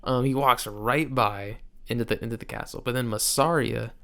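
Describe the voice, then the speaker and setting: A young man giving casual reaction commentary, joking and often breaking into laughter. His voice sits mid-pitch with a gravelly edge. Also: steady tone, normal speed, pushed and bright. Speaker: reaction video host.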